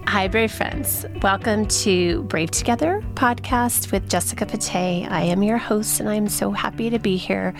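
An earnest woman hosting a podcast, leaning on rhetorical questions as she opens the show and guides the chat. Her voice sits at an ordinary middle pitch for a woman. Music runs clearly underneath her talk. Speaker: podcast host. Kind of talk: podcast interview, scripted intro.

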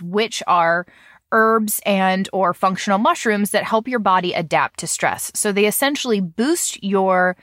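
A woman's voice: medium pitch, fairly bright tone, no room sound. A woman in her thirties chats easily as a podcast host, her voice slightly nasal from a cold and full of casual fillers. The recording is close and dry, with no room sound. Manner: chatty, with fillers and light laughs. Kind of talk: casual podcast chat with a sponsor read.

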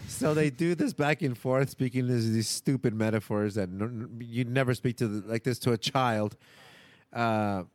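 A man's voice: medium pitch, unhurried, no echo. A man co-hosting a podcast, recapping a sitcom episode in casual chat and acting out the characters' lines in voices. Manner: animated, acts out characters' lines in funny voices and laughs often.

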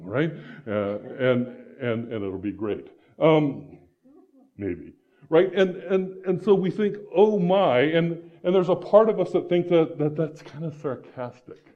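Pastor guy from iowa giving a chatty sermon, stumbles and restarts a lot, kinda muffled recording. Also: medium pitch. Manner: conversational, many restarts and tag questions.

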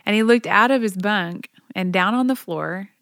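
A woman's voice: mid-range voice, moderate pace, fairly bright tone, no echo, studio quality. A woman, a mother in her forties, telling chatty personal stories about life on a tour bus with her kids, often laughing. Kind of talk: personal storytelling monologue.

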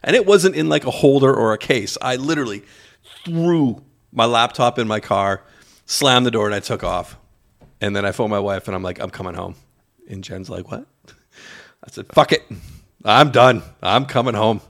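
A man co-hosting a casual office podcast, telling a lively story and acting out the lines of the people in it. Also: medium pitch, moderate pace, creaky. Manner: lively storyteller, acts out quotes. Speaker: podcast co-host. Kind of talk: casual chat. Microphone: studio mic in an office.

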